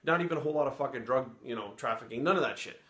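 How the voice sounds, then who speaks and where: A man's voice: mid-range voice, lively intonation, rapid-fire, fairly bright tone. A middle-aged man from Rhode Island tells a story from his police days, his voice sitting in a mid range. He talks bluntly and casually, with swearing in nearly every sentence. The recording has a noticeable roomy echo. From Providence, Rhode Island. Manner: blunt, heavily profane, conversational. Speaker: former police sergeant telling a story.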